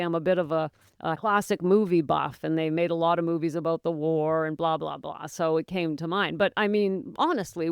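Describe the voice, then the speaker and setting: A woman in her forties from North America hosting a podcast, talking in a chatty, animated way to her listeners and laughing often. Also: medium pitch, clear, resonant tone, no room sound, clean studio sound. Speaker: podcast host. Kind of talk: casual monologue to listeners.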